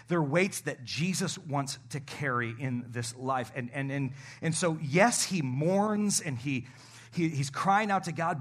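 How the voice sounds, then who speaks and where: Bright-voiced pastor preaching. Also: male voice, a little high, breathy edge. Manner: preaching with rising emphatic calls to the congregation. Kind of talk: sermon.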